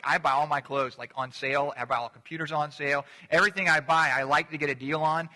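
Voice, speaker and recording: A man's voice: a little high, sharp tone, big-room sound. A middle-aged man preaching a casual, joking sermon as pastor, drawing the congregation in to repeat words with him.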